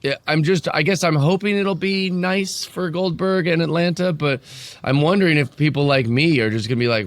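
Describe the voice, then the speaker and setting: A man co-hosting a podcast, thinking out loud in a rambling, easygoing way. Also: fairly high pitch, normal speed, dry recording. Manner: thoughtful, rambling, musing aloud. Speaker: podcast co-host. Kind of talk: casual chat.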